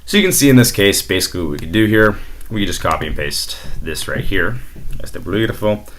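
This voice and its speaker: A young Spanish teacher explains a screen-recorded language lesson casually, with fillers, his low, slightly bright voice swinging widely in pitch at a quick pace.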